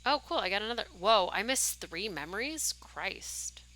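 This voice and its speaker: A woman streamer with a medium-pitched, animated voice and a sharp tone reads a game's story text aloud at a moderate pace. She shifts her voice slightly for the dialogue, reacts live, and drops in casual asides.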